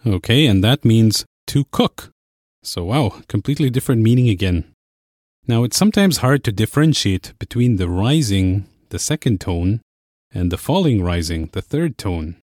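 A man teaching a language lesson, explaining clearly and patiently. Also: fairly low pitch, lively intonation, moderate pace, darkish tone, dry recording, studio quality. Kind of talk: scripted lesson narration.

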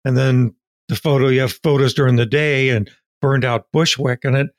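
A man interviewing a photographer, asking slow, halting, thoughtful questions. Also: mid-range voice, steady tone, no echo, clean studio sound. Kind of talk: casual interview.

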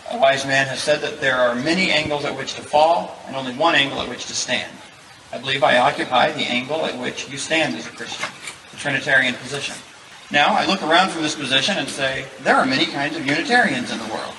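A man with a Southern US accent gives a debate statement, conversational and self-deprecating. His voice sits in a middle pitch. He is recorded from a distance in an echoing room with clear background noise. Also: a little fast. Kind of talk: formal debate opening statement.

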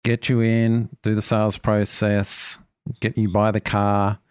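A man's voice: lowish voice, level tone, unhurried, darkish tone, clean tone, no echo, studio quality. A man co-hosting a podcast, prompting his partner in casual conversation. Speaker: podcast co-host. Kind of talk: casual chat.

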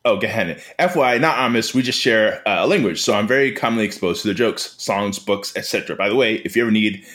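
A man's voice: lowish voice, fast, a bit bright. A man co-hosting a comedy podcast, reading listener mail aloud and wandering off into rambling, giggly tangents. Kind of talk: casual comedic chat.

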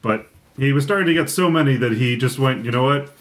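A man's voice: mid-range voice, a little fast, fairly bright tone. Chatty laughing man co-hosting a podcast. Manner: chatty, laughs often, restarts sentences. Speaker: podcast co-host. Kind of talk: casual chat.

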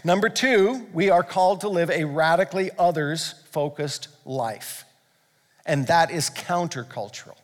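A man's voice: on the high side, a little slow. A male pastor preaching a sermon, earnest and building to fervent emphasis. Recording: long hall reverb.

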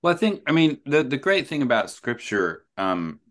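A man as a podcast guest, explaining his ideas thoughtfully with many pauses, ums and restarts. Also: mid-range voice, very animated. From New Zealand. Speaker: author and guest. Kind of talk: conversational podcast interview.

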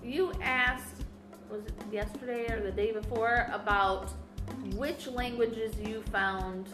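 Female co-host, casual and enthusiastic, rambles with fillers; slightly high voice in a roomy space with music. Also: steady tone, slow pace. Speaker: podcast co-host. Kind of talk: casual chat.

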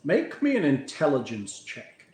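A man running a tabletop game as game master, in a relaxed and joking way over voice chat. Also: medium pitch, measured pace. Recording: echoey room with faint noise.

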